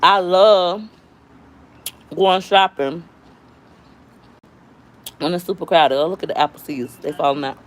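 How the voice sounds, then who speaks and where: Chatty mom, out of breath. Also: female voice, on the low side, unhurried, pauses often. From Florida, US. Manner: chatty, loose, rambling, slangy. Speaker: YouTube cooking vlogger. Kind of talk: casual chat with viewers. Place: at home with family.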